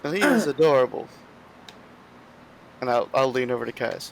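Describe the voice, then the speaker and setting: A man's voice: medium pitch, animated, fast talker, vocal fry, a little hiss or hum. A man playing a tabletop game, joking around and swearing freely. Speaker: player. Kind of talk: casual tabletop play.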